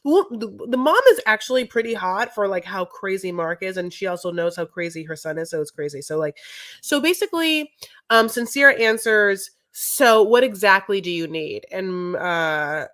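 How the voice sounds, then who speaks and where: Woman podcaster, casual rambling recap, filler-heavy, animated quoting. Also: medium pitch, moderate pace. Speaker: podcast co-host. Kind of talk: casual chat recapping a reality show.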